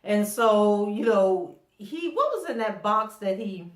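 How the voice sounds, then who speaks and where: A woman's voice: medium pitch, lively intonation, takes it slowly, roomy sound. A middle-aged woman hosting a casual TV episode recap. She is chatty, laughs often, and acts out quotes from the characters. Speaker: TV recap host.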